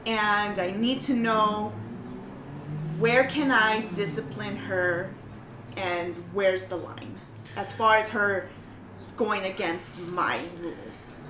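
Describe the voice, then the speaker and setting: A woman's voice: medium pitch, slow pace, distant mic, noisy background. A woman playing a pack leader in a tabletop role-playing game, earnest and a little flustered. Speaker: player character, pack leader. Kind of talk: tabletop role-play chat. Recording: roomy room sound.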